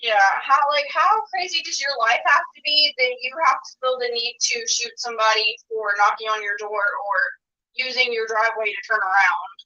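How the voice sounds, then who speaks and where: A woman's voice: fairly high pitch, fairly even intonation, moderate pace, pushed and bright. A young adult woman calling in to a podcast, chatting casually with a lot of "like". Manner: chatty, with frequent "like". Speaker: guest on the phone. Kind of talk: casual chat. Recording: distant, dull phone line.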